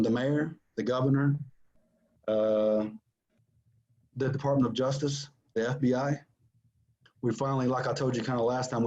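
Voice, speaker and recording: A man's voice: mid-range voice, darkish tone, muffled recording. A man giving an earnest, emphatic personal account as a father. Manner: earnest, emphatic, repeats for stress. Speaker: father telling his family story. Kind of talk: personal testimony.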